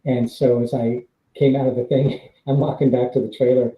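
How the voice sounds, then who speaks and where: This former stunt double speaks at a moderate pace in a medium pitch, his intonation barely moving. He tells loose, rambling anecdotes full of fillers, with laughter between lines, as casual live-stream storytelling. The recording is reverberant and lacks highs.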